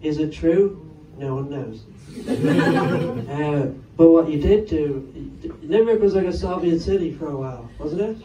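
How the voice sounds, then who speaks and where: A man's voice: fairly high pitch, moderate pace, dull audio. A man doing a stand-up set on a comedy club stage, chatting wryly with the crowd between jokes. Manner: rambling, wry, chatty with the audience. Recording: roomy live club sound from far off. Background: audience laughter.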